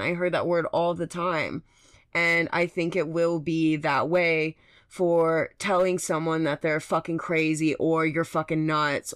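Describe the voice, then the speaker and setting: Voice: medium pitch, clean tone, no echo. Fired-up podcast host ranting, dry sound. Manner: impassioned, ranting, swears often; rambling with restarts and tangents. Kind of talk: unscripted solo monologue.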